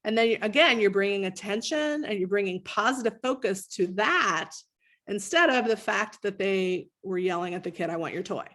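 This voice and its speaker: Animated woman coaching parents. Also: moderate pace. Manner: animated, swings up high when modelling praise to a child. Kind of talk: live-stream talk reading comments.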